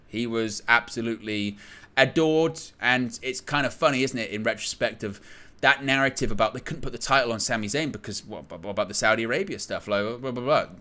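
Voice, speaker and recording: Male host, bright forceful voice, animated recap storyteller, casual commentary. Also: medium pitch. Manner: animated storytelling, acts out quoted lines. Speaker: wrestling news host. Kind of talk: solo wrestling recap commentary.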